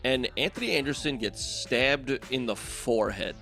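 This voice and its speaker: A man with a gravelly, creaky voice adds wry jokes in casual podcast talk. His pitch moves around a lot. Faint music sits behind him. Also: lively intonation, normal speed, a bit bright. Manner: wry, joking interjections. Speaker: podcast co-host.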